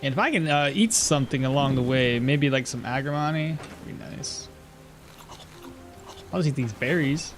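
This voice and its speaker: A man's voice: mid-range voice, moderate pace, faint music behind. A man streaming a game and chatting casually, joking and laughing often between rambling asides. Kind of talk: casual live gameplay commentary.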